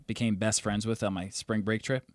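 A man's voice: lowish voice, little pitch movement, moderate pace, dry recording, studio quality. A young man in his twenties co-hosting a casual podcast, telling rowdy party stories with loose swearing and laughter. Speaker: podcast co-host. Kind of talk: casual chat.

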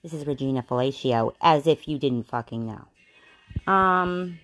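A woman's voice: a bass voice, measured pace, fairly bright tone. A woman giving a casual tarot reading, swearing and laughing as she rambles with many fillers. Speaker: tarot reader.

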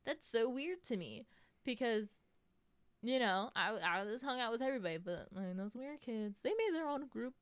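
A woman's voice: a little high, lively intonation, moderate pace, fairly bright tone, no echo. A young American woman chatting casually as a podcast host, telling stories with lots of "like" and "you know". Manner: acts out quotes in a raised voice. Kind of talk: casual chat.

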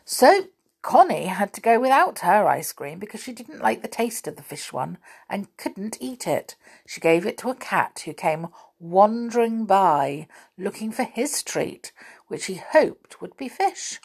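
A woman reading a children's story aloud in a gentle, unhurried way. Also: medium pitch, sing-song, gravelly, husky.

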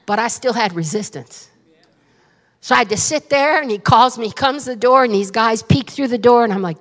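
A woman pastor tells a story in a sermon, animated and dramatic, and talks straight to the congregation. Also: mid-range voice, a little fast. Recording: long reverb of a large hall.

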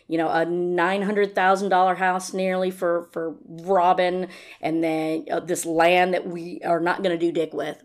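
A woman hosting a podcast, ranting in casual commentary, blunt and profane, now and then mocking someone in a high put-on voice. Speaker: podcast host.

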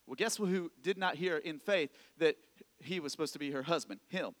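A man's voice: fairly high pitch, normal speed, in a large hall. A man preaching a sermon as a pastor, talking to the congregation in a conversational way, full of rhetorical questions and repeated phrases.

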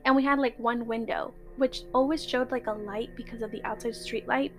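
A woman, a guest, telling a true scary story in casual, slangy talk, excitable and now and then swearing or dropping into Spanish. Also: fairly high pitch, fairly quick, music in the background.

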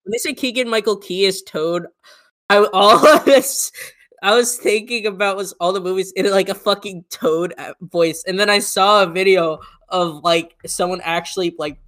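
A woman co-hosting a casual gaming podcast, animated and swearing freely as she rants. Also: mid-range voice, normal speed. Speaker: podcast co-host.

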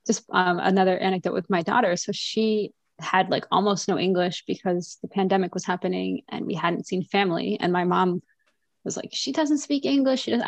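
Chatty woman with a creaky voice. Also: fairly low pitch, no room sound. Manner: chatty, animated, many fillers and laughs. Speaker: podcast guest, French teacher and mother. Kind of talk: casual conversational interview.

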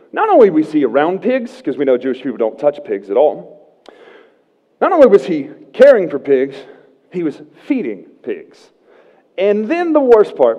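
A man in his thirties preaches in a church, his voice a little high for a man and very lively in pitch. He talks easily, with jokes, and keeps asking "right?" The sound is a little dull, with a long reverb from the sanctuary. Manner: conversational and humorous, often asking "right?". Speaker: pastor. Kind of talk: sermon.

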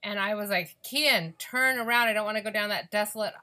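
Bright-voiced young woman telling a story. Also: mid-range voice, fairly quick. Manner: animated, acts out quoted voices. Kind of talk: casual conversational storytelling.

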